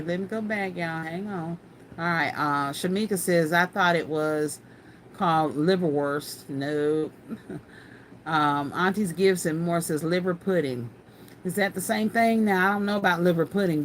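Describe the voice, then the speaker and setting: A woman's voice: lowish voice, a little hiss or hum. A woman hosting a casual craft livestream, chatting folksily and laughing often as she answers viewer comments.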